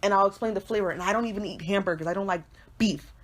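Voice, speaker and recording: Fast-talking young woman telling a story. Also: medium pitch. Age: 20s. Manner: animated storytelling with acted-out quotes. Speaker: podcast co-host. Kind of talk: casual chat.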